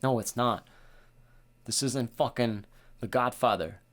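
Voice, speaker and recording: This young podcast co-host speaks in a mid-range, unhurried voice. His casual talk is animated and profane, and he performs the lines he quotes.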